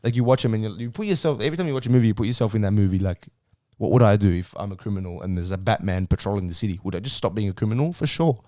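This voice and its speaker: A man's voice: fairly low pitch, very fast, warm tone, dry recording, studio quality. A young man, co-hosting a podcast in a rambling, self-mocking casual chat. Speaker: podcast co-host.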